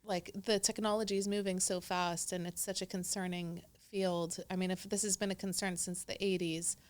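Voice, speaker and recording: A woman's voice: lowish voice, flat delivery, normal speed. A woman podcast host asking curious questions in an interview conversation. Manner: curious questioning with brief acknowledgments.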